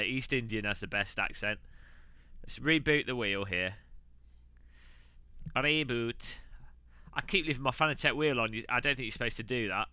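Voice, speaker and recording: A man's voice: medium pitch, sharp tone, no room sound. A man chatting casually and rambling on a live stream while sim racing. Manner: chatty, rambling, quick asides.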